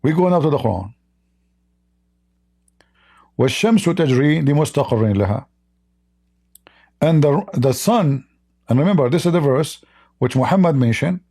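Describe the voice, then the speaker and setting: Gravelly, dark-voiced man losing his voice. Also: a little high, lively intonation. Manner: reads quoted passages slowly, then comments with mockery. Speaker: live stream host. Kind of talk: livestreamed religious debate commentary.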